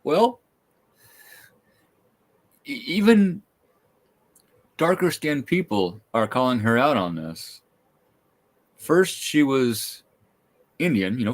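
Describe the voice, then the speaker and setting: Opinionated male host ranting casually. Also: mid-range voice. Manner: opinionated, ranting, stumbling restarts. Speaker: podcast host. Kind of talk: casual chat.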